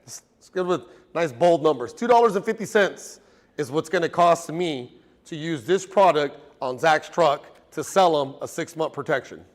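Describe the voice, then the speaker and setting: Man, detailing instructor, slightly high voice, casual and joking, classroom teaching. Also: animated, moderate pace, long reverb tail. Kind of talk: classroom teaching to a live group.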